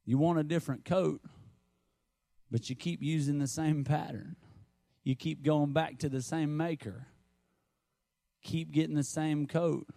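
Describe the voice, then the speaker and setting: A man's voice: a little high, steady tone, measured pace, vocal fry, long pauses, dark tone, no room sound. Conversational preacher man, dry sound. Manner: conversational preaching, storytelling with asides. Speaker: pastor. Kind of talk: sermon.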